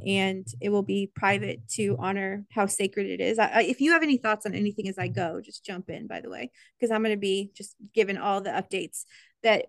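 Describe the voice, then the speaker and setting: A woman's voice: mid-range voice, dry recording. American woman co-host, casual and sincere, dry close mic. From United States. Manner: chatty, earnest, gets emotional. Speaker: podcast co-host. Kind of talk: casual podcast chat.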